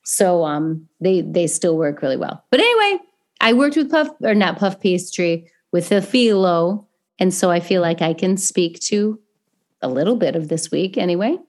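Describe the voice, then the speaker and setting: A woman from Indiana with a thick Midwestern accent, co-hosting a podcast and telling animated stories with frequent laughter. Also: lowish voice, moderate pace. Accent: Midwestern American. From Indiana, USA. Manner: animated storyteller, laughs often. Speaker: podcast co-host. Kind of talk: casual chat.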